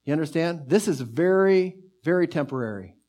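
A man delivering a sermon in a slightly raised pitch. He preaches with fervent conviction, surging forward in quick bursts, then sinking to soft, slow, drawn-out phrases. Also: lively intonation. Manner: fervent, pace and volume swell then drop to soft near-whisper.

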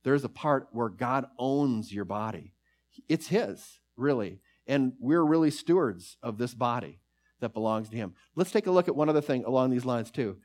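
A man preaching a sermon at a middle pitch. He reads scripture passages aloud and tells a story at a measured pace, slowing for emphasis. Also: lively intonation, darkish tone. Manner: storytelling with slow, emphatic pauses.

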